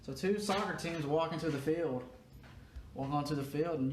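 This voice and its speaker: A man's voice: on the high side, a little fast. A young man co-hosting a podcast, sleep-deprived and joking around in goofy casual banter. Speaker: podcast co-host. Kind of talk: casual chat. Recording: roomy echo with faint hiss.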